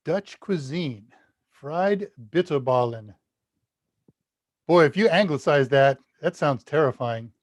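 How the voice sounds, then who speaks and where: A man teaches on a live stream, rambling in an easy, chatty way as he reads messages and talks through his project. His voice sits a little high for a man. The sound is dry and close to a desk mic, and his loudness swings as he leans in and out. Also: lively intonation, takes it slowly, pauses often, dry recording. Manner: rambling, chatty, talks to chat while working. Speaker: tech instructor hosting a live Q&A. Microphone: desk mic at a computer, level jumps as he leans away.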